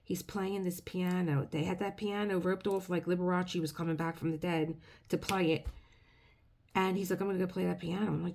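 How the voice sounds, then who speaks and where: Gravelly-voiced chatty woman. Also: on the low side, steady tone, a little fast, darkish tone, a little hiss or hum. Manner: chatty, rambling, emotional, restarts often. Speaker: craft video creator. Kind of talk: casual storytelling vlog.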